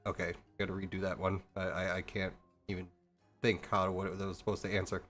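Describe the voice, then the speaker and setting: A man's voice: low-pitched, level tone, brisk, fairly bright tone, faint music behind. A man streaming a game, talking casually in a rambling, profane way with many restarts. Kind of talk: casual rambling chat while gaming.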